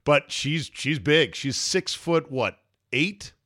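A man's voice: fairly high pitch, takes it slowly, dry recording, studio quality. A man hosting a podcast, chatting casually and joking around with his co-host. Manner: joking, animated banter with laughs. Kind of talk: casual chat.

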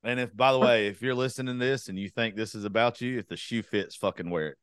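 A man's voice: mid-range voice, fast, clean tone, dry recording, studio quality. A young man hosting a podcast, talking bluntly in a casual, profane rant. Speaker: podcast host.

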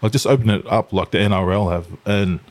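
Man, podcast host, low voice, dry close sound, relaxed and chatty. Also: brisk, no echo. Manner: laid-back, chatty, laughs often. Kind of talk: casual podcast interview chat.

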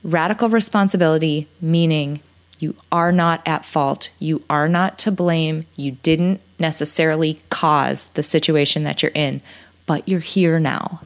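Woman in her 30s hosting a podcast, earnest and heartfelt, kinda low voice. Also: steady tone, measured pace. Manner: earnest, emotional, motivational. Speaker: podcast host. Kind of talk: podcast interview and solo recap.

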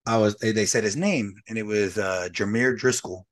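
A middle-aged man telling funny stories on a podcast, laughing often. He drops into quick impressions of the people he talks about, then goes back to his normal voice. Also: on the low side. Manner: animated storyteller who acts out other people's voices and laughs often. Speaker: podcast guest. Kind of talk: casual chat.

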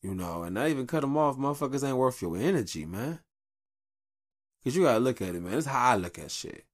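A man in his thirties hosting a podcast, giving casual advice in a blunt, profane, animated monologue recorded at a home mic. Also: medium pitch, quick pace, dry recording, clean studio sound. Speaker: podcast host.

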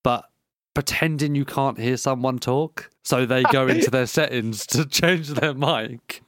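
A man's voice: mid-range voice, a little slow, no room sound. Offhand man on a dry mic. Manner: relaxed, offhand, swears casually. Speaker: podcast co-host. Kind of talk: casual gaming chat.

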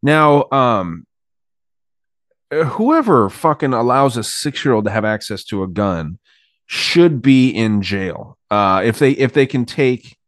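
A man's voice: medium pitch, sing-song, slow, no room sound, studio quality. A man co-hosting a casual podcast, talking loosely with many fillers and some swearing. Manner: hedging, filler-heavy, swears. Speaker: podcast co-host. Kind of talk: casual chat.

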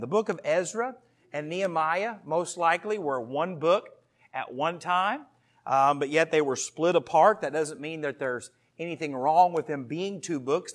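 Earnest pastor preaching, higher male voice. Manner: earnest, storytelling with asides to the congregation. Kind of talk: sermon.

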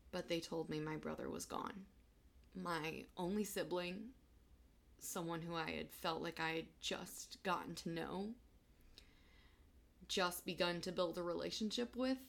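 A young woman in her twenties telling a personal story of loss, halting and fighting back tears. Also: on the low side, gravelly, a bit bright.

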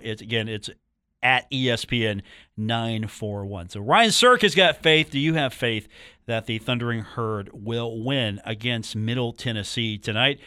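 A man's voice: medium pitch, sharp tone, smooth, no room sound, clean studio sound. A man hosting a sports talk radio show, chatting casually and joking with listeners between game talk. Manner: chatty, joking, repeats phone numbers and catchphrases. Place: radio studio. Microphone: studio microphone.

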